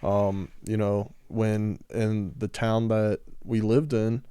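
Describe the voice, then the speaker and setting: A man tells his story bluntly and openly in a laid-back podcast chat. His voice sits low and mellow with a smooth tone. The recording is close and dry. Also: level tone, slow pace, dry recording. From Georgia, US. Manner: frank, candid storytelling. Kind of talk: casual podcast conversation.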